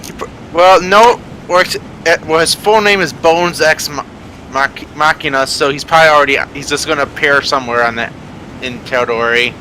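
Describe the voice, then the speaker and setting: A man with a bright, somewhat high voice chats casually as a player in a tabletop game. He rambles, restarts sentences, and keeps correcting himself mid-thought. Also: normal speed, slight background noise, rough recording. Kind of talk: casual chat during tabletop game setup.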